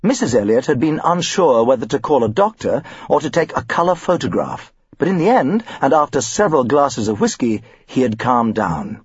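Male audiobook narrator, wry and lively, husky voice, dry dull sound. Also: medium pitch, normal speed, few pauses, no echo. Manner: wry, expressive storytelling. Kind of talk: scripted narration.

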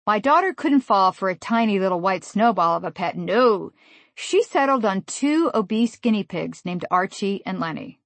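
A woman in her forties from the USA reads her own humorous memoir aloud. Her delivery is wry and deadpan, at a mid pitch. The recording is dry and close, with no room sound. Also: moderate pace, dry recording. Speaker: author narrating a memoir. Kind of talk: humorous audiobook narration.

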